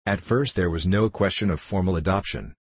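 A man narrates a novel with measured, even storytelling. His voice sits very low with a husky edge. The sound is dry and close. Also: no echo. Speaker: audiobook narrator. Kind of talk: scripted narration.

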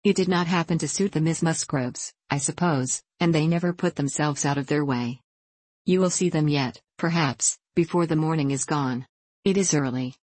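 A peevish young wife, as a woman reader puts her on complains plaintively in a storybook reading. Her voice sits low and is recorded close and dry. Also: normal speed, a little mellow, dry recording. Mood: complaining. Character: peevish self-pitying young married woman.

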